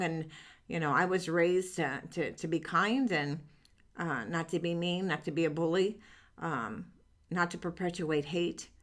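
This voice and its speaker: A woman's voice: on the low side, a bit bright. A middle-aged woman talking through a live stream reading session, earnest and upbeat, rambling with plenty of fillers and restarts. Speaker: psychic reader hosting a live stream. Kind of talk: casual live-stream chat.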